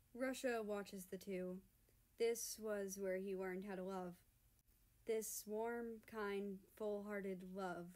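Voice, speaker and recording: Slow, soft-voiced woman reading a story. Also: mid-range voice. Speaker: fan fiction reader. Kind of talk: audiobook story narration.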